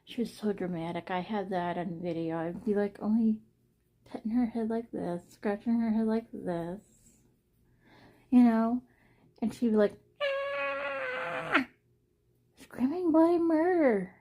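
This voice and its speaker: A woman's voice: mid-range voice, moderate pace, warm tone. A young woman talking casually to her viewers in a personal vlog, rambling and earnest, often repeating herself. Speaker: vlogger.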